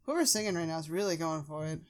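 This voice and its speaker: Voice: mid-range voice, animated, quick pace, clean tone. Wry, opinionated podcast co-host. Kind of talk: casual movie commentary banter.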